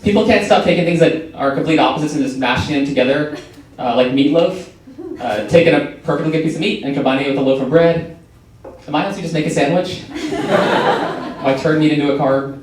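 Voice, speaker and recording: A young man doing a stand-up set on a comedy club stage, delivering dry, deadpan one-liners into a stage microphone. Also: on the high side. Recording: echoey club, mic from far, noisy.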